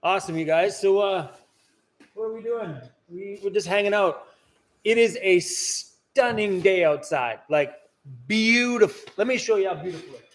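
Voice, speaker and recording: A man's voice: high voice, normal speed. A man hosting a casual live stream from inside his workshop, chatting and answering viewer comments. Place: indoor workshop.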